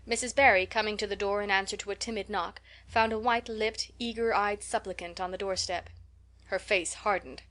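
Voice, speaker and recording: Woman narrator, measured storytelling, classic novel audiobook. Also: medium pitch, fairly even intonation, a bit bright. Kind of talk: scripted narration.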